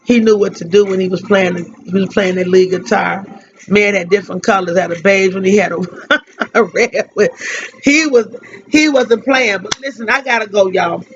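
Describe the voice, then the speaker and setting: A woman hosting a radio tribute, grieving and tearful, speaking haltingly and repeating her phrases. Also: medium pitch. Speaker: radio host giving a tribute. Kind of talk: emotional spoken tribute. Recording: dull lo-fi radio recording.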